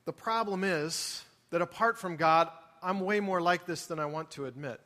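A man with a high voice preaches a sermon, earnest and pleading. He drops to quiet reflection, then builds to emphatic appeals. The sound rings with the long reverb of a large sanctuary. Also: moderate pace. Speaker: pastor.

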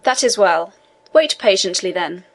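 A woman's voice: mid-range voice, animated, measured pace. A woman reading as a composed male inspector.

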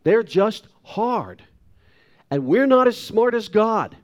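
Man in his sixties, pastor, sermon, animated swooping pitch, somewhat high voice, emphatic, self-deprecating. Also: slow pace. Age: 60s. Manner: emphatic preaching with wide pitch swings, self-deprecating asides.

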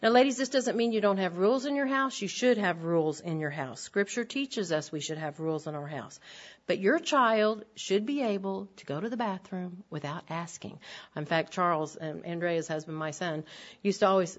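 A woman's voice: mid-range voice, animated, normal speed. An older woman giving an earnest, direct Bible lesson to women, with frequent ums. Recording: dull lo-fi recording.

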